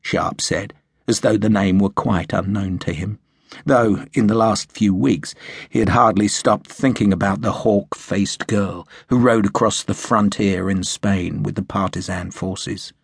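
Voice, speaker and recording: A man narrating an audiobook in a measured, storytelling manner. His voice is low and husky. The recording is close and dry, with no room sound. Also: steady tone, no echo. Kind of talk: scripted narration.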